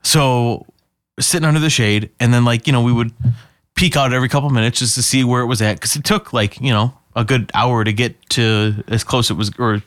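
A man chatting casually on a podcast, telling stories and slipping into the voices of people he quotes. His voice is mid-pitched and recorded dry and close. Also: fairly even intonation, a little fast, a bit bright, no room sound. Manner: storytelling, acts out quotes. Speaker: podcast co-host. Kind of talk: casual chat.

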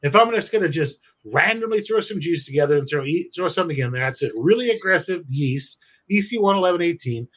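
A man with a slightly high voice talks loosely and crudely on a podcast. He jokes and swears his way through step-by-step brewing instructions. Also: expressive, fast, hardly any pauses, a bit bright. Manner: crude, joking, explains home brewing step by step. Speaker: podcast co-host. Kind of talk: casual podcast chat.

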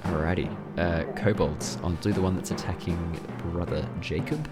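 A man acting as game master, narrating a tabletop game in a relaxed, chatty way and laughing often. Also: low-pitched, normal speed, over loud music.

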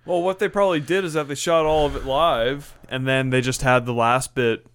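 A man's voice: mid-range voice, steady tone, a little fast, a bit bright, clean tone. A man co-hosting a podcast in casual chat, dropping dry quips and laughing. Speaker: podcast co-host.

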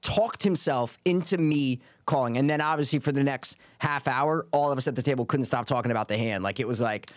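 A man on a podcast telling a poker story in an animated, casual way, swearing freely. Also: medium pitch, a little fast, hardly any pauses, no echo, studio quality.

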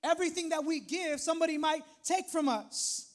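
A man's voice: extremely high pitch, fairly quick. A male pastor preaching a sermon in a conversational way, with frequent asides to the congregation.

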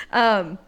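A woman's voice: fairly high pitch, fairly bright tone. A woman talking in a casual literary discussion. She rambles, corrects herself often and laughs between thoughts.

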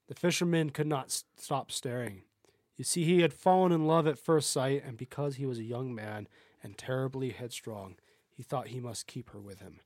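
A man's voice: mid-range voice, moderate pace, a little mellow, no room sound, clean studio sound. A man, a podcast host, reading a folktale aloud with small stumbles and self-corrections.

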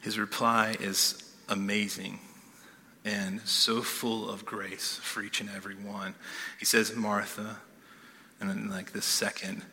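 A man preaching a sermon in a casual, animated way, often checking in with "okay?", in a church hall. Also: lowish voice, measured pace. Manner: conversational, animated, keeps asking "okay?". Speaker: pastor.

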